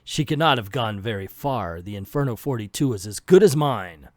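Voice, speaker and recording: A man's voice: fairly low pitch, big pitch swings, normal speed, no room sound, studio quality, voice pushed down. A man reading the lines of a boastful French villain fighter in a grandiose, formal way, dropping the French accent he admits he cannot do.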